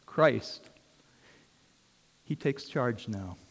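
A man preaching a sermon as a story, swinging from hushed tones to shouts. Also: mid-range voice, lively intonation, a little slow. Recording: long hall reverb.

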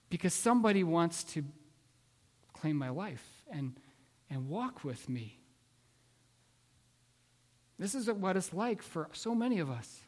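A man preaching a sermon, telling a story in an earnest, halting way with many restarts. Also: high voice, very animated, darkish tone, long reverb tail. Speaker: pastor.

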